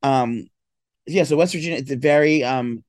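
A man's voice: mid-range voice, moderate pace, a little mellow, dry recording. Groggy rambling man, dry close mic. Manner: rambling, filler-heavy, with mock-tough bursts. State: groggy and slow-talking after a late night of drinking. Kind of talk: casual chat.

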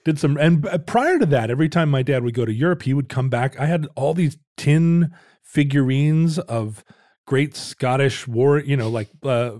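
A man's voice: mid-range voice, expressive, normal speed, a little mellow, no room sound. A middle-aged man casually telling a rambling family story with dry jokes on a podcast.

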